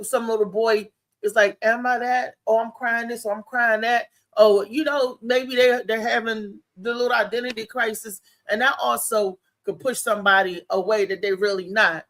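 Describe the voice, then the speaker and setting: A woman co-hosting a casual talk show, telling stories in an animated way with laughs and restarts. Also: fairly high pitch, moderate pace. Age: adult with a child. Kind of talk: casual chat.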